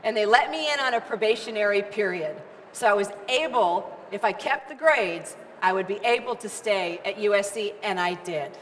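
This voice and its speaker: A middle-aged woman giving an energetic, emphatic motivational speech, repeating phrases for rhythm. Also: mid-range voice, normal speed, slight background noise. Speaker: keynote speaker. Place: large event hall. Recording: reverberant hall with faint ambience.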